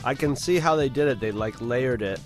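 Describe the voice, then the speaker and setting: A man's voice: medium pitch, normal speed, soft background music. A man co-hosting a podcast, chatting casually in a joking, laid-back way with frequent restarts. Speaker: podcast co-host.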